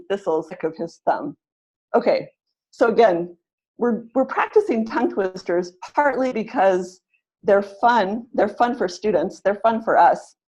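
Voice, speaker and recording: A pronunciation teacher facilitates an online webinar, encouraging participants and often repeating her phrases as she leads drills and clapping exercises. Her voice is medium in pitch with a darkish tone.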